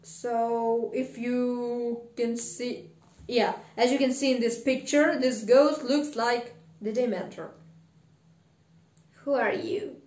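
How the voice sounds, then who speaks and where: Lady reading a story out slow and expressive, echoey room. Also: on the high side. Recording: roomy echo.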